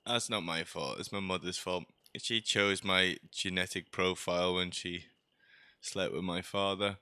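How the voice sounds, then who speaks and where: Bright-voiced chatty man. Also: low voice, fairly even intonation, unhurried, clean tone, no echo. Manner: chatty, joking, sarcastic asides. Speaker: streamer. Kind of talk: rambling gameplay commentary.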